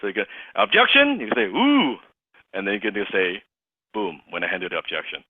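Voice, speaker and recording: Deep-voiced and rapid-fire, this man swoops wildly in pitch, with a slight roughness to his tone. He's a sales trainer in an interactive session, hammering home and repeating key points to his team. The recording is dry and sounds tinny, like a phone line.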